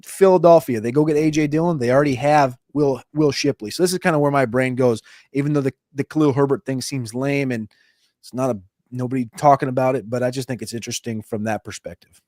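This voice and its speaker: A man of middle pitch breaks down football moves on a podcast. He thinks out loud with hedging fillers, and his voice is recorded dry and close. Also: steady tone, dry recording. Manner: thinking aloud, with hedging fillers and drawn-out pauses. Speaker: fantasy football podcast co-host. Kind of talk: casual sports chat.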